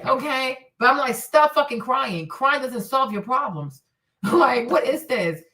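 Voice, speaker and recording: Casting: outspoken woman livestream host, cussing, animated, high-pitched. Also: measured pace, far from the mic. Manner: blunt, profane, animated ranting. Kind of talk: livestream commentary.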